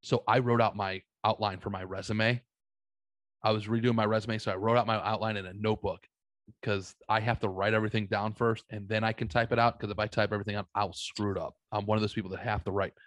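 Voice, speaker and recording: A man's voice: lowish voice, flat delivery, quick pace, fairly bright tone, dry recording. A man telling rambling, profanity-laced anecdotes as a guest in a casual chat. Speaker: podcast guest. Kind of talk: casual storytelling.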